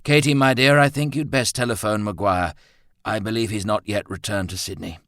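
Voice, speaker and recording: A man's voice: fairly low pitch, fairly quick, dry recording, clean studio sound, pitched above the performer's own voice. A man reading an audiobook, voicing a decisive grown son who speaks evenly and almost severely. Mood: firm. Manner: even, almost severe, commanding.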